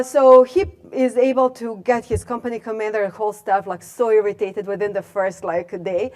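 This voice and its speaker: A woman, telling a story in a talk to a room, animated and full of fillers. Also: fairly high pitch. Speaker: guest speaker, alumna. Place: lecture room.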